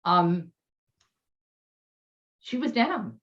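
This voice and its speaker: Female coach, interview guest; warm storytelling, emotional, slightly dull recording. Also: mid-range voice, big pitch swings, extremely slow. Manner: chatty, emotional, gets teary. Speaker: health coach.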